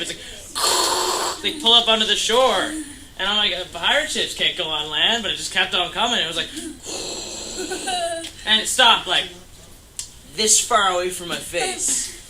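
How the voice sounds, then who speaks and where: High-voiced teen guy spinning a tall tale. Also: fairly quick. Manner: tall-tale telling, filler-heavy, jokey. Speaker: storyteller. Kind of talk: rambling comic storytime. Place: camp cabin, indoors. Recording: echoey room with background noise.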